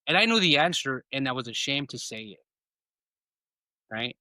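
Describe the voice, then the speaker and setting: Bright-voiced man telling his story. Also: medium pitch, very animated, moderate pace, no echo. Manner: casual, reenacts dialogue, says bro a lot. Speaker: podcast guest. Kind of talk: personal storytelling in conversation.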